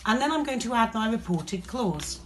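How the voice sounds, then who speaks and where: A woman's voice: fairly high pitch, expressive, moderate pace, fairly bright tone, slight background noise. A woman teacher with an English accent, explaining a lesson patiently step by step. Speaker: primary school teacher.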